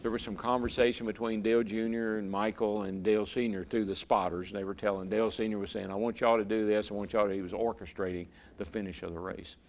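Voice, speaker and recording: A former racer turned broadcaster, appearing as an interview guest, tells a vivid story and often repeats words. His voice is lowish and steady, fast with few pauses, over slight background noise.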